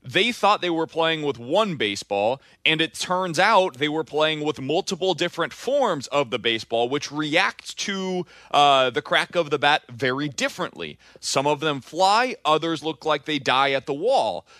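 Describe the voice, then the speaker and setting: Bright emphatic male sports co-host. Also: fairly high pitch, expressive, moderate pace, few pauses, no room sound, studio quality. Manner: opinionated, emphatic. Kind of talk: casual sports talk.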